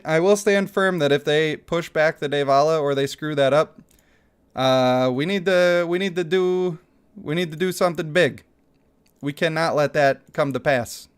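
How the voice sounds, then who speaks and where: A man's voice: a little high, smooth. A young man streaming a mobile game, chatting casually with his viewers, reading donations aloud and laughing often. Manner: animated, laughs often, reads chat aloud. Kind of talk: casual gaming livestream chat.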